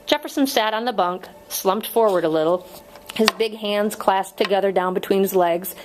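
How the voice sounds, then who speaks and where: A woman narrating a novel chapter aloud in a steady, measured reading voice. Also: mid-range voice, rough recording. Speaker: audiobook reader. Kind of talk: audiobook narration.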